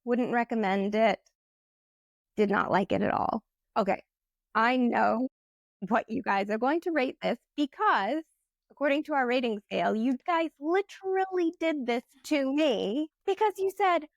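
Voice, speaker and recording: A woman co-hosting a book podcast, eager and excitable in casual chat. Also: a little high, unhurried, dry recording. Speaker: podcast co-host.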